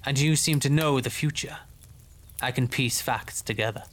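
An actor playing a solemn, earnest male lieutenant in an audio drama, measured and formal. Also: mid-range voice, close to an everyday voice.

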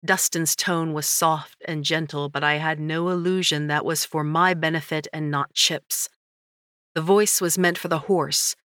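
Low-voiced woman narrating a story. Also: fairly bright tone, no echo, clean studio sound. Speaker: audiobook narrator. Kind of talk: scripted first-person narration.

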